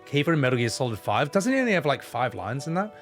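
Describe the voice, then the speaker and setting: Brief: expressive male streamer, chatty and profane, wide pitch swings, light music bed. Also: quick pace. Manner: animated, swearing, acts out movie scenes in voices. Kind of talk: casual livestream chat while gaming.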